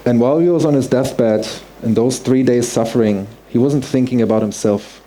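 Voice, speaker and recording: A man's voice: medium pitch, normal speed, warm tone, slight background noise. A man telling a personal story on stage, earnest and heartfelt, in vivid present tense. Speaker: speaker.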